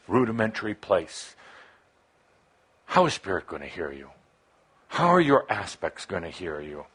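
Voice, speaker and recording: Husky guy doing a channeled spiritual talk to a crowd, slow broken phrases, gets real emphatic. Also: mid-range voice. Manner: emphatic, swings from soft musing to passionate urging; speaks in short broken phrases with long pauses. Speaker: spiritual teacher addressing a live audience.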